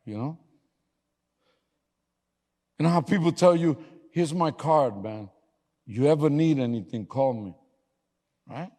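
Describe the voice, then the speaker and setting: Animated pastor preaching in a reverberant hall. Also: male voice, on the high side, takes it slowly, pauses often. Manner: animated storytelling with sudden yelling and laughter. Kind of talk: sermon. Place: church sanctuary.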